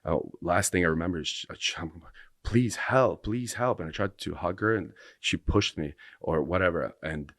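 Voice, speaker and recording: A man's voice: deep voice, fairly quick, few pauses, fairly bright tone, no echo, studio quality. A man on a podcast telling a long personal story in a rambling way, full of restarts. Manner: rambling, breathless retelling with restarts. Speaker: podcast guest. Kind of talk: casual storytelling.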